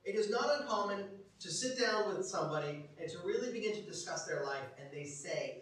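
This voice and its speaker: A man preaching a sermon as pastor, telling stories animatedly, acting out quotes and dropping from loud to hushed. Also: high voice, lively intonation, brisk, hardly any pauses. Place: church. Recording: echoey church hall from far off.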